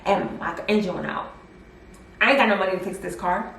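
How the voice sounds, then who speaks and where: A woman's voice: medium pitch, brisk, creaky, slight background noise. Chatty young woman, roomy and distant. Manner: chatty, animated storytelling with many fillers. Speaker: vlogger. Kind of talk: storytime vlog. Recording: roomy echo, mic at a distance.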